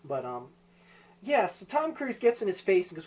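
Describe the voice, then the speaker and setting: A man's voice: high-pitched, sing-song, normal speed, darkish tone. A man ranting profanely in a comedic vlog, full of ums and likes. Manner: ranting, profane, lots of fillers. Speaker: video host.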